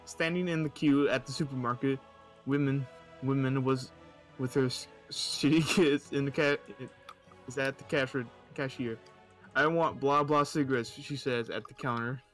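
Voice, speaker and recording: A man's voice: medium pitch, steady tone, normal speed, faint music behind. Stumbling, laughing male storyteller. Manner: laughs often, stumbles over words, mock-insulting asides. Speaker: host reading stories aloud. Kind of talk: casual reading of stories with commentary.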